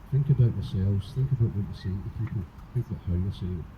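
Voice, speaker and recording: A man giving an impassioned speech at a public rally, emotional and forceful, swearing now and then. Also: lowish voice, fast talker. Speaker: rally speaker. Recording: muffled, with background noise.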